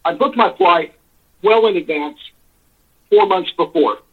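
Slightly slow and high-pitched, a man calls in by phone, the line sounding tinny. He launches into a long, rambling complaint, exasperated and swearing without restraint.

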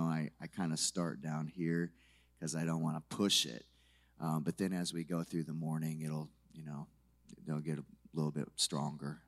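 A man teaching a church conference session in a relaxed, chatty way, his voice low and rough from the early morning. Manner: relaxed, chatty, many fillers. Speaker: conference speaker, worship leader. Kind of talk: casual teaching talk to a church audience. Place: church hall.

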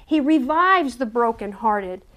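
A woman's voice: a little high, expressive, measured pace, a bit bright. A woman preaching a sermon in an earnest way, often repeating words as she searches for them and asking her listeners direct questions.

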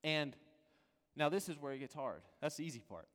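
A man preaching a sermon as a pastor, earnest and pleading, dropping from loud to hushed. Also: on the high side, lively intonation, fairly quick, in a large hall.

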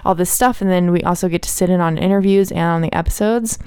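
A young woman chats on a podcast, her voice smooth and clear. The sound is dry and close, with no room around it. She laughs easily and swears casually. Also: fairly low pitch, quick pace, warm tone, dry recording. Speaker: podcast co-host. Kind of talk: casual chat.

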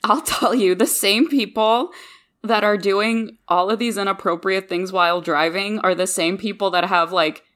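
A woman who grew up in the Midwest, with English as her second language, co-hosting a podcast and telling stories in animated, chatty conversation. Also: medium pitch, moderate pace. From Midwest of the United States. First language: not English. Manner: chatty, animated storytelling with laughs. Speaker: podcast co-host. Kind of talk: casual chat.

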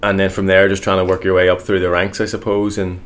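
A young man from Northern Ireland speaks with a Northern Irish accent and a low, deep voice. He chats casually as a guest, relaxed and modest, with many ums. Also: quick pace. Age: young adult. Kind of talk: casual interview chat.

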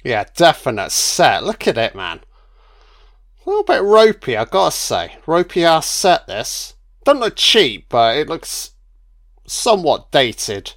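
A man's voice: fairly high pitch, huge pitch swings, unhurried, fairly bright tone. A man giving casual, sardonic film commentary full of swearing and jokey asides.

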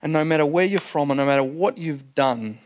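A man preaching a sermon with a somewhat high voice. He explains scripture plainly, as if chatting with the congregation, and leans on repeated phrases to drive points home. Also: a little fast. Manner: emphatic, repeats key phrases for effect.

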